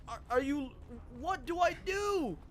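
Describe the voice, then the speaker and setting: A male streamer giving casual gaming commentary, excitable and frustrated, swearing and bantering with his chat. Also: extremely high pitch, unhurried, a little hiss or hum.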